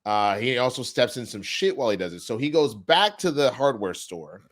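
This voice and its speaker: Animated man recapping a TV episode. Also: medium pitch, normal speed. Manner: animated retelling, swears, acts out scenes. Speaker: TV episode reviewer. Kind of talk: casual podcast review chat.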